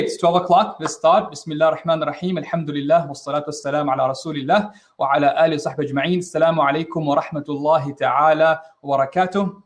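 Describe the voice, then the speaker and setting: A man hosting an interactive online teaching webinar, talking casually and energetically, often mixing in Arabic religious phrases. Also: fairly high pitch. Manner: energetic, casual, acts out quoted reactions. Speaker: webinar host and trainer.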